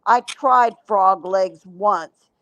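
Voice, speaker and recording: Unhurried woman, dry close sound. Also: mid-range voice, fairly bright tone, no room sound, low-quality recording. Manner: reads chat comments, quick reactions. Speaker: stream co-host. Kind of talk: casual late-night livestream chat.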